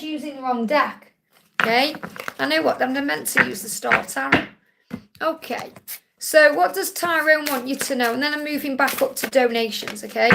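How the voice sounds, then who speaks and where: A woman's voice: high voice, gravelly, background noise. A woman reading tarot cards live for viewers' questions, reassuring and often checking in with "okay?". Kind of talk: live-stream Q&A card reading.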